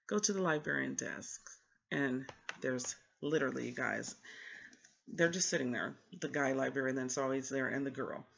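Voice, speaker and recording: Husky, gravelly-voiced book vlogger chatting. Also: medium pitch, normal speed, fairly bright tone, dull audio. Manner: chatty, rambling storyteller who acts out what people said. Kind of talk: casual book vlog chat.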